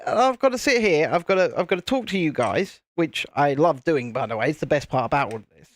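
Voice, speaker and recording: A man's voice: a little high, animated, brisk. A man with a British accent hosting a live stream, chatting casually and rambling while he builds at his desk. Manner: chatty, rambling, reads viewer comments aloud. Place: home streaming setup with lights and cameras. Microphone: desk mic at a streaming setup.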